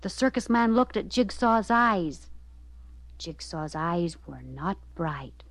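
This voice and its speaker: A woman narrating a children's story aloud in an expressive, lively way. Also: lowish voice, slow pace, creaky, no room sound.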